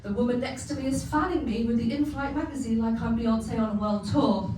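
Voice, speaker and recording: A woman's voice: fairly high pitch, a little fast, a little mellow. Young woman doing stand-up in an echoey venue. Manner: chatty, self-mocking, laughing often, acting out relatives in bigger voices. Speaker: stand-up comedian. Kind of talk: stand-up comedy set. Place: comedy club stage. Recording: echoey venue from far off, faint hum.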